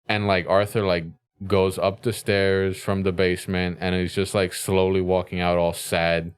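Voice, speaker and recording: Man, podcast co-host, fairly low voice, casual, curses a lot, laughs easily. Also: flat delivery, unhurried, clean tone. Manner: profane, laughs often. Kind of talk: casual chat.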